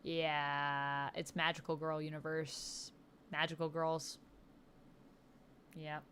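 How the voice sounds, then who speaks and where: Streamer host, woman, slightly low voice, chatty fan energy, answers chat on the fly. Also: monotone, takes it slowly, fairly bright tone, slight background noise. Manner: chatty, reads viewer comments aloud and answers them; enthusiastic comic-book fan talk. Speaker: livestream host. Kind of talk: casual chat.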